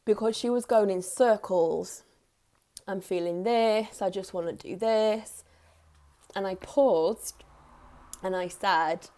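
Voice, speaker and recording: Soft-spoken woman in her thirties, slow. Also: mid-range voice. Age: 30s. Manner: soft, earnest, repeats key phrases for emphasis. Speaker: parenting coach. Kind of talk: direct-to-camera advice talk.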